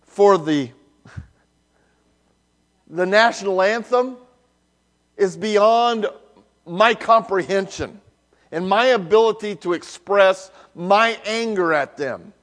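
Slow, high-voiced male preacher. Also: fairly bright tone. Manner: slow, emphatic preaching with dramatic pauses. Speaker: pastor. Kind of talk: sermon. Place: church sanctuary.

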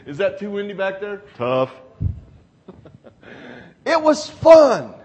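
A preacher with a strikingly high voice delivers his sermon at an unhurried, deliberate pace. He drives points home through repetition, rising to loud exclamations and then dropping to hushed asides. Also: wildly swooping pitch. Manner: emphatic preaching with repeated phrases.

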